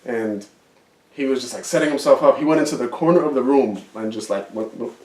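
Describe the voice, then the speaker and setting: A man's voice: mid-range voice, brisk, a little mellow. A man, co-hosting a podcast, who tells a rambling story full of fillers and swearing. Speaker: podcast co-host. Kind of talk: casual chat. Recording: roomy, distant mic.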